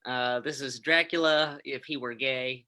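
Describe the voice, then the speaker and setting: A man doing a stand-up comedy set, halting and self-amused, with many restarts. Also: medium pitch, fairly even intonation, pushed and bright, rough recording.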